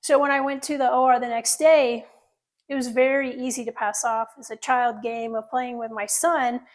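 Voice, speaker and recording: A woman's voice: fairly high pitch, fairly even intonation, normal speed. A middle-aged woman, a surgeon, telling an earnest personal story to an audience, with asides to listeners.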